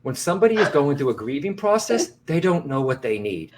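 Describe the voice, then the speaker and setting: A man's voice: fairly high pitch, big pitch swings, a little fast, a little mellow, a little hiss or hum. A man co-hosting a live broadcast as a psychic medium, speaking earnestly and reassuringly straight to his viewers, often restarting and repeating phrases.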